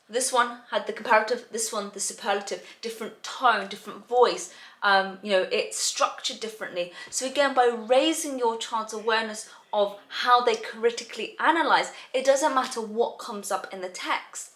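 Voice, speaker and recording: A woman's voice: a little high, moderate pace, a bit bright. Chatty woman tutor in a roomy space. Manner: chatty, peppered with "um" and "you know". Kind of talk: explaining exam reading prep to parents. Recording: roomy echo.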